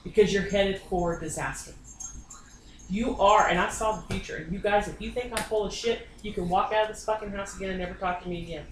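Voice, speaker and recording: Inside a private home, a woman psychic medium gives a reading, blunt, insistent, and frequently swearing. Her medium-pitched voice stays fairly even and runs a little fast. The room echoes, the mic sits at a distance, and there's background noise and faint ambience.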